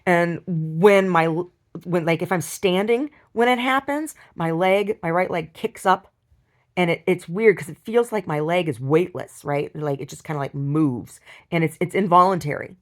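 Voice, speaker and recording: A woman telling a personal story in a video diary, upset, rambling and halting with many restarts and repeated words. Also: on the low side. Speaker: video diarist.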